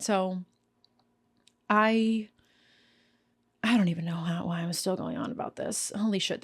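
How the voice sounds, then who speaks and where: A woman's voice: medium pitch, a little mellow. Frank, rambling woman podcaster. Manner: rambling, self-correcting, frank and profane. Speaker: podcast host. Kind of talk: casual solo podcast monologue. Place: snowed-in home.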